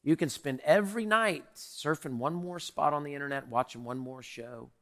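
A middle-aged male pastor preaching a sermon in an animated, repetitive way, calling on the congregation to answer. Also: a little high, moderate pace.

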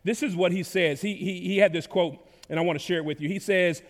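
A man from Dallas, preaching a sermon in a relaxed, conversational way, with casual slang and sudden rises in volume. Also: high-pitched, fast. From Dallas, Texas. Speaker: pastor. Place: church sanctuary. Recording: long reverb of a large hall.

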